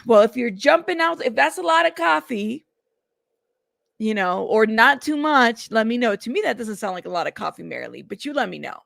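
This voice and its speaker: A woman's voice: a little high, sing-song, normal speed, creaky, fairly bright tone, dry recording, clean studio sound. A woman hosting a casual news livestream, greeting chatters by name in a chatty way. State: out of breath.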